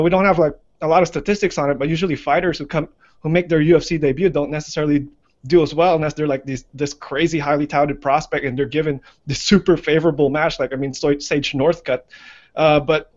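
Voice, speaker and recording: A man's voice: a little high, a little mellow. A man co-hosting a casual fight-picks chat, rambling with lots of fillers. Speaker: MMA podcast co-host. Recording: lo-fi muffled audio.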